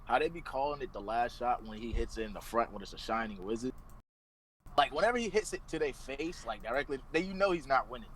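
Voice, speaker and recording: A man's voice: medium pitch, expressive, quick pace, a bit bright, a little hiss or hum, rough recording. A man co-hosting a casual wrestling podcast, joking and swearing as he talks. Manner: joking, profane, laughs easily. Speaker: podcast co-host. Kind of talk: casual wrestling review chat.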